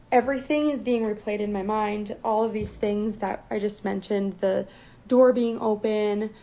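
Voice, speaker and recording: A young woman telling a personal story as a guest in a casual, profane, animated way. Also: medium pitch, rough recording.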